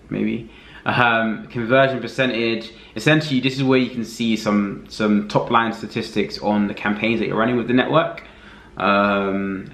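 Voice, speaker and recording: Lowish-voiced man in a roomy echo. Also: gravelly. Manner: relaxed, thinking aloud with many fillers. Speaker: affiliate marketing reviewer. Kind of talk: casual screen-recorded walkthrough.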